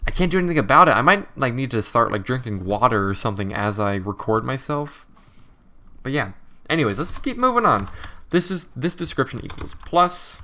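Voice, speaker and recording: A young man with a bright, nasal voice walks through his code as he types, his throat a little irritated from long talking. He rambles in a loose, thinking-aloud way, stopping to correct himself, with keyboard typing behind him. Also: mid-range voice, sing-song, brisk, a little hiss or hum. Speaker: game developer. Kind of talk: casual coding commentary.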